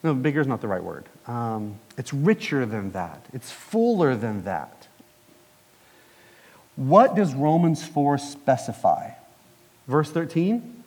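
A man's voice: mid-range voice, big pitch swings, slow, darkish tone, breathy edge, long reverb tail. A man preaching a sermon as pastor, conversational and putting questions to the congregation.

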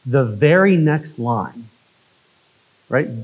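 A male pastor delivering a conversational sermon, often checking in with "right?" and swinging from emphatic lines to hushed ones. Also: a little high, animated, measured pace, low-quality recording.

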